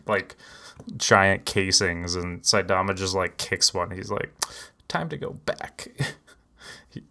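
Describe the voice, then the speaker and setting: A man with a very deep voice chatting as a podcast co-host. His talk is loose and rambling, full of fillers, and it often trails off into quiet. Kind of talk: casual chat.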